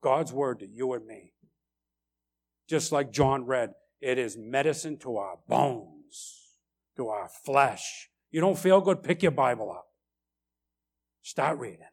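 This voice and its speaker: A man preaching a sermon with passion, swelling loud on key phrases and repeating lines for emphasis. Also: mid-range voice, expressive, takes it slowly, gravelly, long pauses, husky.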